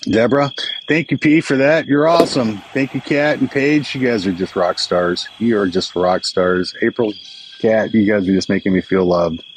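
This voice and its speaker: Indoors at home with crickets chirping outside, an older man hosts a laid-back livestream, warmly and chattily naming viewers as he greets them. His medium-pitched voice moves at a moderate pace, captured by phone or webcam with a bit of hiss in low-quality sound.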